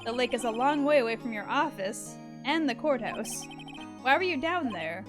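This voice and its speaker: A woman's voice: fairly high pitch, lively intonation, moderate pace, over music, close to an everyday voice. A woman voicing an earnest young male defense attorney in a game, in a direct, near-natural voice.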